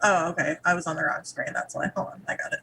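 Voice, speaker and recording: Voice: mid-range voice, fairly even intonation, quick pace, crowd noise, low-quality recording. A tabletop game player who talks hesitantly with frequent ums. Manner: hesitant, umming. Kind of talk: casual tabletop play.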